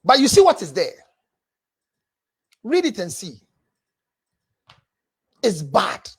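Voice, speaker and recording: A man's voice: high voice, huge pitch swings, slow pace, gravelly, breathy edge. A man with a Ghanaian accent, a counselor hosting a livestream, animatedly scolding while reading viewer messages aloud. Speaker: counselor and show host.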